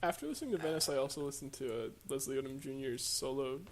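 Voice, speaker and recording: A podcast co-host with a mid-range pitch, chatting casually. The delivery is relaxed and easygoing. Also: quick pace, very noisy. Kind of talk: casual chat.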